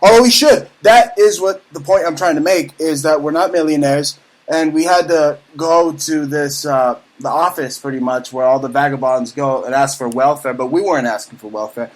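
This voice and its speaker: A man hosting a talk radio show, ranting loudly and excitably in casual banter. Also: fairly high pitch, moderate pace, low-quality recording.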